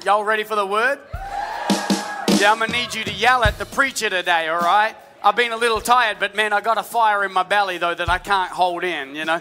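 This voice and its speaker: A man preaching a sermon as lead pastor, energetic and calling out to the congregation. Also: high voice. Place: large church hall with music. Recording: live church hall with long reverb.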